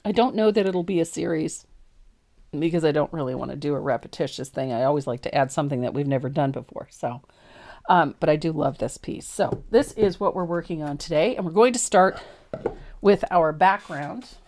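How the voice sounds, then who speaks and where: A woman's voice: deep voice, a little fast, a little mellow. Chatty woman teaching painting live. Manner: chatty, laughs easily, self-deprecating.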